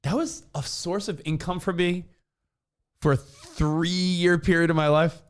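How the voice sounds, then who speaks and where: A man co-hosting a talk show, telling stories in a profane, animated way. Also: on the high side, unhurried, clear, resonant tone. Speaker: radio show co-host. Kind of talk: casual talk-show banter.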